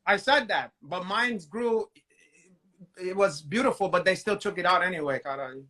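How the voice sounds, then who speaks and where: High bright teasing man. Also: animated, moderate pace, slight background noise. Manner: teasing, profane, jokey. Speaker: co-host. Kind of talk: joking casual chat.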